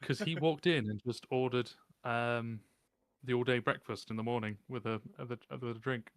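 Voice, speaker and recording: A man's voice: mid-range voice, steady tone, normal speed, no echo. A man at a tabletop game telling a story in casual chat. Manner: anecdotal, laughing. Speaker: player.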